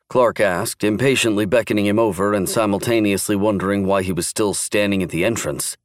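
A man narrating a thriller audiobook in a steady, even storytelling manner. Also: on the low side, a little fast, few pauses, dry recording, studio quality. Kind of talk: scripted narration.

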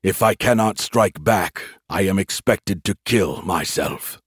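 A man's voice: low voice, a little slow, fairly bright tone, breathy edge, no echo, studio quality, exaggerated voice. A man voicing a proud alien male admiral in an audiobook, with a growling, heavy, defiant delivery. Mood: proud, bitter. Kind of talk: audiobook character voice.

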